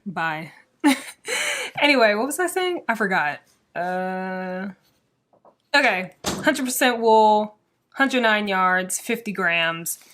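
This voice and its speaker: A woman hosting a casual crochet podcast, chatting to the camera in a rambling, excitable way with plenty of "like" fillers. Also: mid-range voice. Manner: excitable, quick to get worked up. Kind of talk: casual chat showing yarn to camera.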